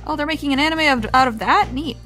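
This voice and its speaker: A woman chatting casually on a game stream, laid-back and quick to laugh, with casual swearing. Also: high voice, pushed and bright, soft background music. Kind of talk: casual chat.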